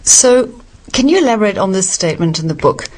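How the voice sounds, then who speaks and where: A woman interviewer asking polite, brisk questions and closing the chapter. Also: medium pitch, animated, darkish tone.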